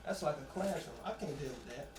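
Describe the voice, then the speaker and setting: A young man on a student panel speaks quickly and offhandedly. His voice sits a little high for a man. He is far from the mic in an echoey room, with other people heard around him. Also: expressive, crowd noise. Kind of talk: casual group discussion.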